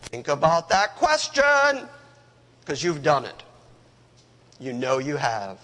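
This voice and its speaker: A male preacher delivering a sermon, emphatic and speaking directly to his listeners. His high voice moves slowly with wide, lively swings. A long hall reverb follows each phrase. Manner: emphatic, conversational, addresses the congregation directly.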